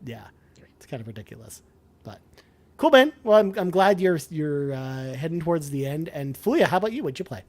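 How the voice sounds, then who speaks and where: A man in casual podcast chat, his voice sitting a little high for a man. He gets animated, then trails off softly at the end of phrases. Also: fairly quick. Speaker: podcast co-host.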